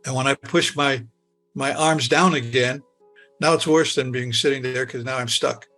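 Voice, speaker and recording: A man in his eighties recounting a personal memory, halting and stuttering with many restarts. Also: medium pitch, fairly even intonation, bright, forceful tone, soft background music. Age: 80s. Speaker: near-death experience survivor. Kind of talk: personal recollection.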